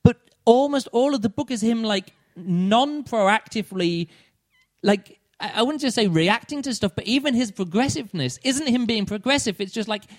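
A man's voice: very high voice, expressive, moderate pace. A man talking casually as a podcast co-host. He rambles with lots of fillers and restarts, and keeps slipping into mocking quoted voices. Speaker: podcast co-host reviewing a book. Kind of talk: casual chat.

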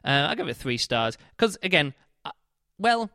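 A man's voice: a little high, big pitch swings, normal speed, sharp tone, no room sound, clean studio sound. A man giving a casual spoken book review, chatty and rambling, with many fillers and restarts.

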